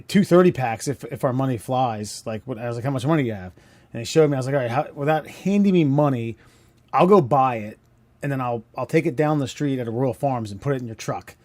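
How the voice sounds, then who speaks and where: A man's voice: medium pitch, fast, darkish tone, no room sound. A man co-hosting a casual comedy podcast, rambling through stories with fillers and laughs. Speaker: podcast co-host.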